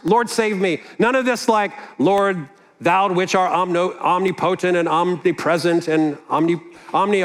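A man preaching a sermon in an earnest, conversational way, with casual asides. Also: on the high side. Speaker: pastor.

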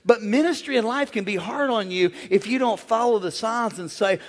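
A man who is a pastor, preaching a lively sermon and calling out to the congregation to join in. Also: sits high, a little fast, hardly any pauses. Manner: energetic, playful call-and-response with the crowd. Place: large church. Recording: long church hall reverb.

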